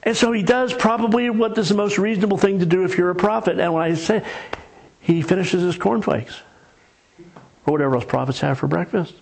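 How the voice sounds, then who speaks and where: A man's voice: high-pitched, brisk, vocal fry, darkish tone. A man preaching a sermon in a conversational, storytelling way with folksy humor.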